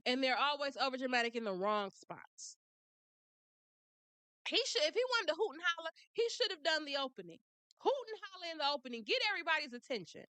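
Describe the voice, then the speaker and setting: A woman's voice: high-pitched, bright, forceful tone, no echo. A woman giving blunt, sassy commentary on a trial, laughing often. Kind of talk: casual commentary.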